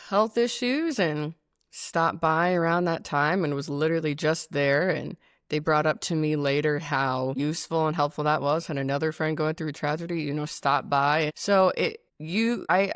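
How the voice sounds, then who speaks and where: Brief: thoughtful female host with a very low voice, dry close sound. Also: no room sound. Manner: thoughtful, rambling, many restarts. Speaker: podcast host. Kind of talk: casual conversation.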